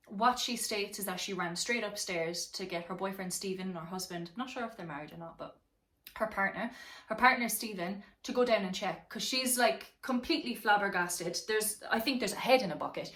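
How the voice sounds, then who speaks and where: A woman vlogger recounts a true crime case in loose, casual talk that wanders, swears and stumbles over fillers. Her voice is of middling pitch for a woman. She sounds set back from the mic, with a roomy echo around her. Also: fairly bright tone, far from the mic. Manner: rambling, profane, many fillers.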